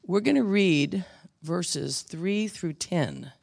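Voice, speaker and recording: Woman teaching a bible class, gravelly voice, rambly and chatty, lots of restarts. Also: lowish voice, lively intonation, slow, a little mellow. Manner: chatty storytelling with frequent restarts. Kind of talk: casual Bible study teaching.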